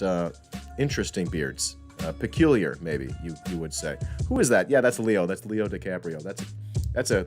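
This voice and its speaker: A man hosts a casual live-stream trivia game, cracking jokes and wandering off into self-correcting asides. His voice sits a little low. Music plays clearly under his talk. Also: a little mellow. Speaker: trivia host. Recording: music playing behind the voice.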